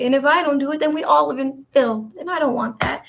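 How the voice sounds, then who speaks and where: A woman's voice: high-pitched, steady tone, quick pace, creaky, few pauses, a bit bright, a little hiss or hum. Chatty woman vlogging while tidying up. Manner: chatty, rambling, answers viewer comments. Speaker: vlogger and spiritual coach. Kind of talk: casual chat to viewers while tidying.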